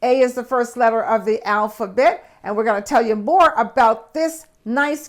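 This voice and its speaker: An older woman hosts a children's alphabet lesson with a bubbly, exaggerated, sing-song delivery. Her voice is high for a woman. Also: moderate pace, hardly any pauses. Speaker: host, children's teacher.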